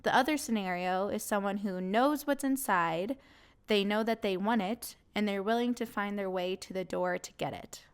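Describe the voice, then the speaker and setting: A woman's voice: mid-range voice, normal speed, smooth. A young adult woman hosting a podcast and speaking candidly and earnestly about her own experiences, with a laugh here and there. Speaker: podcast host. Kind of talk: personal podcast monologue.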